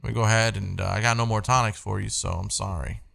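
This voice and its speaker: A man's voice: fairly low pitch, fairly even intonation, quick pace, gravelly. A man giving casual, chatty let's-play commentary, swearing and getting easily annoyed with the game. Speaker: gameplay streamer. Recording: commentary over loud game music.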